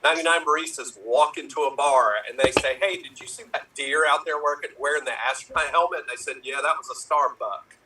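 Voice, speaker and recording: A man rattling off pun jokes in an online improv game, quick setup and flat punchline. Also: a little high. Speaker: improv performer. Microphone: video call. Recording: roomy, distant, faint noise.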